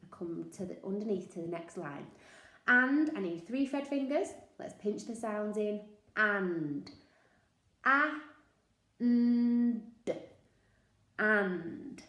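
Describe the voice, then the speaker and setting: A woman teacher with a Northern English accent, slowly sounding out words for young children in a sing-song, encouraging way. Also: mid-range voice, lively intonation, a bit bright. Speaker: early years teacher. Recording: echoey room.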